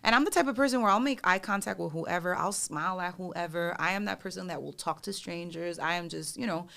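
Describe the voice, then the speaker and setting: A woman, a singer guest on a podcast, telling stories in a casual, animated and profane way, acting out the voices of others. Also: on the low side, fairly quick, creaky. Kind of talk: casual storytelling chat.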